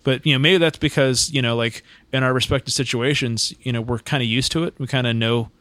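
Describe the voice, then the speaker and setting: A man's voice: medium pitch, fairly even intonation, fairly bright tone, no room sound. A man chatting casually in an easygoing way, often dropping in short agreements. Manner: easygoing, quick agreeing interjections. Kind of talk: casual chat.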